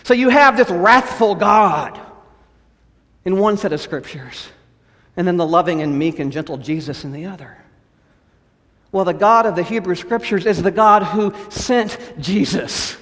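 Man preaching, high voice, big dramatic swings loud to hushed, long hall echo. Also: measured pace. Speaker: pastor. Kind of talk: sermon.

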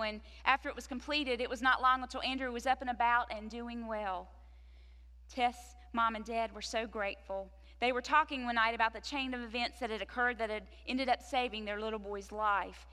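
A woman preacher telling a story in her sermon, slowing down to stress key words. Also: on the high side, pushed and bright, big-room sound. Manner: storytelling, slows for emphasis.

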